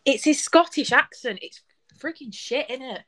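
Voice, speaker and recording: A woman's voice: high-pitched, expressive, moderate pace, a crowd in the background. A woman co-hosting a casual podcast chat, teasing and laughing easily. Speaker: podcast co-host.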